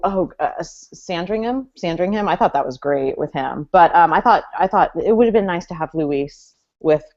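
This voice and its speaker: Low-voiced, emphatic woman. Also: darkish tone. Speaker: podcast co-host. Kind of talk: casual chat. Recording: dull lo-fi call audio.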